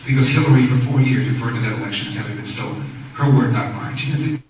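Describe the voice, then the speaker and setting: A man running for office, making a measured speech and listing his points one by one. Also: mid-range voice. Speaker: political candidate. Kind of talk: speech answering press questions. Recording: echoey room from far off, faint noise.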